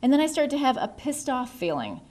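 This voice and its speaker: A woman reading the lines of a big, dangerous male inmate who speaks softly and formally, in an audiobook. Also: sits high, huge pitch swings, a little fast, voice pushed up, heavily acted. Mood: quietly insistent. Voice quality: soft, panting. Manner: formal, quietly insistent. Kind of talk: audiobook character voice.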